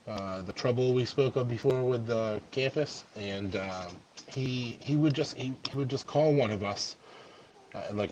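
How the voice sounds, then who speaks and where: Low-voiced man over background noise. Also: darkish tone, low-quality recording. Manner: halting, restarts sentences. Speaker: fraternity brother, guest. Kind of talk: casual chat.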